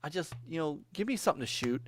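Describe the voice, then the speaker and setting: A man on a casual gaming podcast with a lively, swinging delivery, quick to tease and joke. His voice sounds dry and close, with no room around it. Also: on the high side, no room sound. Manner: animated, joking, lively intonation. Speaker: podcast co-host.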